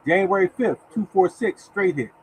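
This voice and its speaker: A man's voice: sits high, expressive, moderate pace, gravelly, a little hiss or hum, poor audio. Chatty man hosting a lottery stream. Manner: chatty, greets viewers by name, reads numbers aloud; mutters softly to himself while searching. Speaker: lottery show host. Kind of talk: casual live-stream chat.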